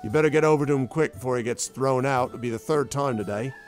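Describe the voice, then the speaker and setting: A man's voice: medium pitch, fast, faint music behind, lightly acted. A man doing a brusque tavern barkeep. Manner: brusque, impatient. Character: gruff, busy male tavern barkeep.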